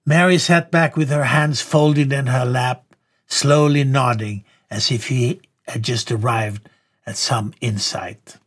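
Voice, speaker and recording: A man reading a story aloud as narrator, in slow, measured storytelling. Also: mid-range voice, steady tone.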